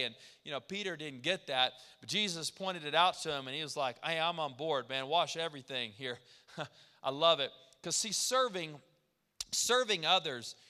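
A male pastor with a bright, slightly high voice preaches a sermon in a church sanctuary, animatedly acting out quoted voices. Long hall reverb fills the recording.

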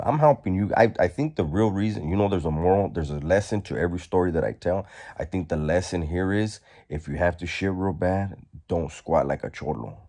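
A man vlogging, telling a story casually in a profane, slangy, animated way. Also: low voice, husky.

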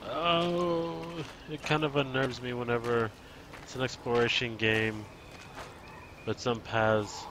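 A man's voice: mid-range voice, fairly even intonation, takes it slowly, noisy background. A man hosting a let's play, chatting and joking to himself while he explores a game. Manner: chatty, musing aloud, joking. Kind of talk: casual gameplay commentary.

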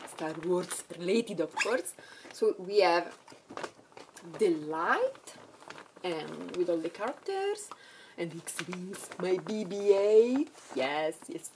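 A young woman talks through a casual haul vlog like an excitable fangirl, swearing freely along the way. Her voice sits a little low, and she takes her time between bursts of enthusiasm. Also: slight background noise. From Italy. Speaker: vlogger.

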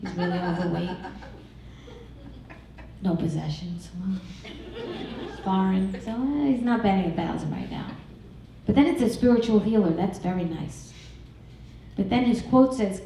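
A middle-aged woman performing a stand-up comedy set, crude and brash with a deadpan, self-mocking delivery. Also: mid-range voice, a little slow, long pauses, a little hiss or hum. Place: comedy club stage. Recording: echoey club recorded from far off.

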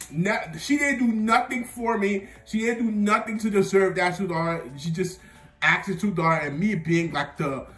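The young man's voice sits high and a bit bright as he casually recounts a personal story, meandering with many fillers and laughing at himself often. It sounds roomy, with the mic at a distance and faint music underneath.

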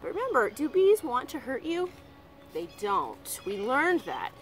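Woman teacher reading a storybook to kids, slow, lively voice. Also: high-pitched, faint music behind. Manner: gentle, asking children questions. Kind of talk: reading a picture book aloud to children.

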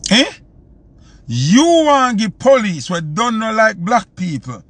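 Man, Jamaican accent, live-stream host, heated emphatic rant, bright sharp tone. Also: sits high, sing-song, slow, slightly rough, no room sound. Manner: heated, emphatic, repeats phrases.

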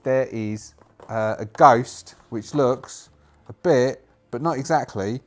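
A man's voice: mid-range voice, slow. A man narrating a solo tabletop game, thinking aloud and rambling with many fillers.

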